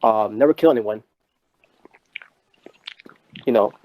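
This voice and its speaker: Male podcast co-host, mellow voice, rambling delivery full of fillers, dry close sound. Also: lowish voice, measured pace, dry recording, poor audio. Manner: rambling, many restarts and fillers. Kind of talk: casual wrestling talk.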